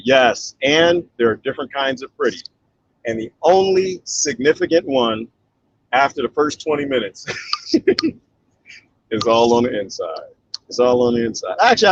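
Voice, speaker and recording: Animated laughing middle-aged man. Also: mid-range voice, dull audio, a little hiss or hum. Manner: animated, laughs often, mimics voices in quotes. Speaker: vlogger reading viewer comments. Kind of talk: casual live comment chat.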